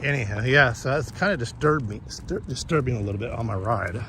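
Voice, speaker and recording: A man's voice: medium pitch, lively intonation, a little fast, fairly bright tone, slight background noise. A man chatting casually with viewers while walking his dog outdoors, rambling and profane as he tells a story. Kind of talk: casual chat to live viewers. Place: outdoors on a walk.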